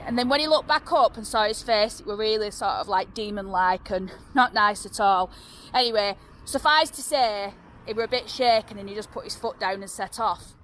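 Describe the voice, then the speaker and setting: A woman's voice: on the high side, fairly bright tone, a little hiss or hum. A woman with a Northern English accent, telling local ghost stories in a rambling, chatty way outdoors, with many fillers and restarts. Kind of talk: casual storytelling on location. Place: outdoors by a road.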